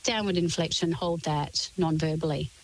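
A woman's voice: sits low, normal speed, low-quality recording. A woman, a guest expert on a radio interview, explaining points in a composed, articulate way, often in lists.

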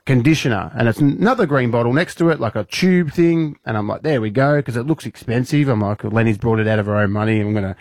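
A young Australian man hosts a casual radio show from a studio, speaking fast at medium pitch with a darkish tone and hardly any pauses. The recording is dry and studio quality, and he tells rambling stories while laughing often.

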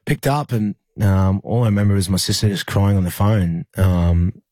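Low husky Australian man. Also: steady tone, mellow, dry recording. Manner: halting, lots of fillers and restarts. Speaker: rugby league player. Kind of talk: emotional personal story in an interview.

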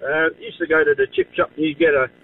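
A man's voice: on the high side, steady tone, quick pace, husky. A man calling a radio show, reminiscing in a swooping way. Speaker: caller. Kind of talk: nostalgic phone call. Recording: distant tinny phone line.

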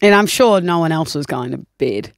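A woman's voice: sits low, expressive, moderate pace, no room sound, studio quality. An Australian woman co-hosting breakfast radio, teasing her co-host about his story.

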